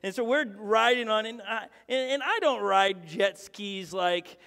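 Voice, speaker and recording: A pastor in his thirties telling a comic story in a sermon, animated and joking. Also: high voice, unhurried, gravelly. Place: church hall. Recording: long hall reverb.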